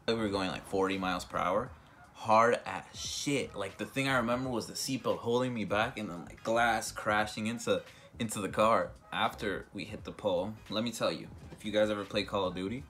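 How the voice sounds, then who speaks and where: A man's voice: on the low side, moderate pace, fairly bright tone. A young man telling a casual storytime vlog, rambling with many fillers and restarts. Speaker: vlogger.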